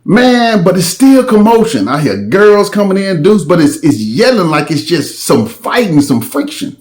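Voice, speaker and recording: Animated man telling a story. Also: high-pitched, moderate pace. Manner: animated, slangy storytelling with dramatic asides. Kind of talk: casual storytime.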